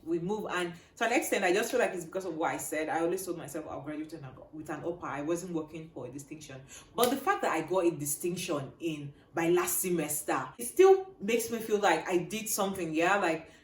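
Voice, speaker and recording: A young woman speaks to camera in a slightly low voice, telling a personal story. Her delivery is animated and drops quiet before rising loud again. The recording is roomy, with faint noise behind her. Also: fairly quick. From Nigeria. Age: young adult. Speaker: vlogger.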